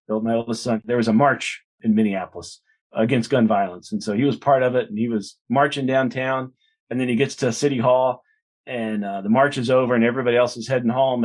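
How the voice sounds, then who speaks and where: Slightly mellow and medium in pitch, a forties-aged minister and author talks casually as an interview guest. His storytelling is loose and chatty, full of restarts and "you know."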